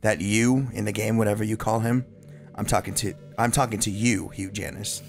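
A man reading game dialogue aloud as an eerie, self-aware teenage girl who is the club president, in a soft, low, creepy voice. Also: steady tone, moderate pace, creaky, faint music behind. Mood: creepily intimate.

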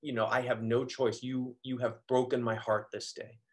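A man voicing his own father, a stern, grieving middle-aged man who speaks in a quiet, heavy, measured way. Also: mid-range voice, flat delivery, close to an everyday voice. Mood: grave.

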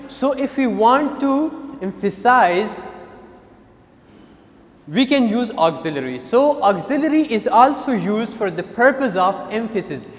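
A man gives a grammar lesson at an unhurried pace, his voice lively and rising and falling as he repeats each point. He often pauses to check that his listeners follow. The sound carries a long hall reverb. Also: high voice. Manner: slow and deliberate, repeating key phrases and checking with "Understand?". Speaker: teacher.

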